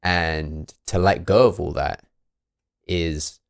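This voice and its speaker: A man's voice: low voice, steady tone, slow pace, gravelly, clear, resonant tone, no echo, clean studio sound. A man hosting a podcast, talking thoughtfully and now and then acting out quoted voices. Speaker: podcast host. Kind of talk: reflective conversational talk.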